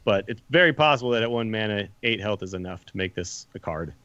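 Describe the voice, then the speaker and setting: A man's voice: on the low side, expressive, quick pace, a bit bright, no echo. A man co-hosts a card game podcast and talks his ideas through, hedging and restarting as he goes. His voice is dry and a little dull and muffled. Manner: thinks aloud, with frequent restarts and hedges. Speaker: podcast co-host. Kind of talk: casual card game discussion.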